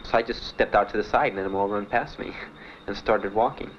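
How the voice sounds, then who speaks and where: A young man giving halting, plain spoken testimony as a war veteran, with many pauses and fillers. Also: on the low side. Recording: muffled 1970s archive recording with faint hiss.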